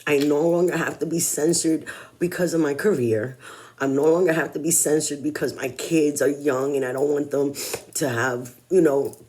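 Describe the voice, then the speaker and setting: A woman's voice: low-pitched, steady tone, normal speed, warm tone. A woman in her forties talking in a personal vlog monologue, blunt and candid, swearing freely. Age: 40s. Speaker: vlogger.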